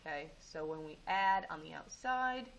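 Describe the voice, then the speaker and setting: A woman teaching math, going over homework and walking students through steps in a relaxed way with frequent ums. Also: sits low, moderate pace, creaky, lo-fi sound, a little hiss or hum. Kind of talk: homework review and lesson.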